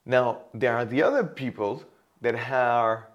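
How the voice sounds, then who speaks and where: A man teaching how to place the voice for sales, explaining with a pen example in an animated way. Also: mid-range voice, measured pace, dull audio. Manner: animated, demonstrates loud and whispered voices. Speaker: voice and sales coach. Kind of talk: teaching monologue.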